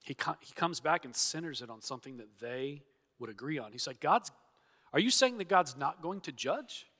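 Long reverb from the church hall surrounds a pastor's expository sermon, delivered at a moderate pace in a bright, forceful voice that sits on the high side. His intonation is lively, and he acts out the objections he quotes with earnest emphasis.

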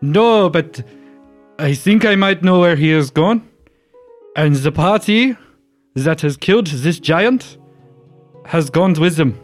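A man's voice: on the high side, animated, slow pace, long pauses, soft background music. A man playing a tall, golden-haired male adventurer who answers in short, curt replies.

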